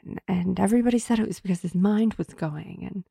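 A woman recapping a book in casual chat, sarcastic and quick to act out the characters in little voices. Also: medium pitch, gravelly, mellow, breathy edge, no room sound, studio quality. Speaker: book discussion co-host.

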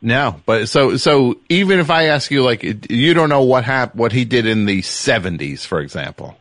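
A man hosting a casual podcast, asking loud, probing questions. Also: medium pitch, expressive, moderate pace, no echo. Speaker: host.

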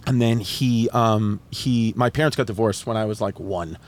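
Speaking at normal speed in a fairly low voice, this New York man is a comedian appearing as a podcast guest. His story is casual and full of profanity, delivered with animation as he voices the other people involved.

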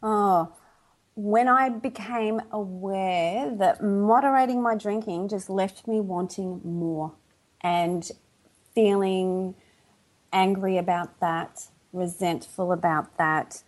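A woman's voice: medium pitch, slow. A woman from Australia with an Australian accent, a podcast guest speaking reflectively and laughing often. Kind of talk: casual podcast interview.

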